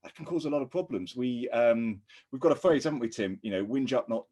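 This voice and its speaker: A podcast co-host and ex-army officer explains workplace leadership in a casual, conversational way, earnest and easygoing as he breaks into laughter and restarts often. His medium-pitched voice is warm and husky, fast, with lively intonation.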